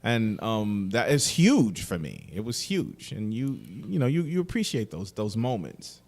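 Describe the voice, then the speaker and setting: Man, low voice, halting soft-spoken storyteller, casual podcast guest. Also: huge pitch swings, gravelly. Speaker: guest musician.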